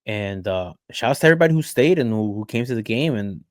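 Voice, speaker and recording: A man's voice: lowish voice, lively intonation, a little fast, no room sound, studio quality. A man co-hosting a podcast, chatting casually and often repeating words as he starts a thought. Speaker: podcast co-host.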